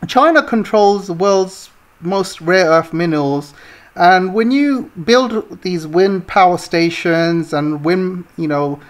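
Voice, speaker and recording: A woman's voice: on the low side, lively intonation, slow. A woman vlogger giving scornful, indignant political commentary, with many fillers and restarts. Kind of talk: ranting commentary.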